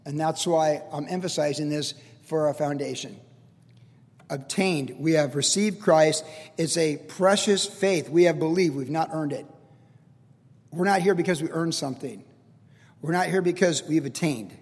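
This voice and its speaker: High-voiced older pastor in a reverberant hall. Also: male voice. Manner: conversational, earnest teaching with asides. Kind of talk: sermon.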